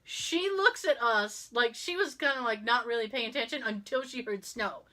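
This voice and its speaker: A woman co-hosting a podcast tells everyday stories in casual chat, acting out the people in them. Her voice sits a little high and has a bright, forward ring. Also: normal speed. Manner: animated, acts out quoted people. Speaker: podcast co-host.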